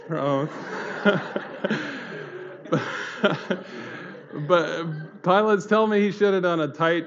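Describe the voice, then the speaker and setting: An earnest man with a mid-range voice gives a personal testimony, telling his story to an audience. He speaks haltingly, with many fillers and restarts, and the audio is muffled.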